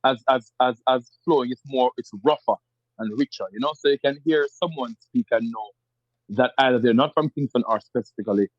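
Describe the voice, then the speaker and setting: A man's voice: a little fast, no room sound, lo-fi sound. A man with a Jamaican accent, a guest in a conversational interview, talking animatedly and slipping into other dialects. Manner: animated, imitates dialects with lively pitch jumps.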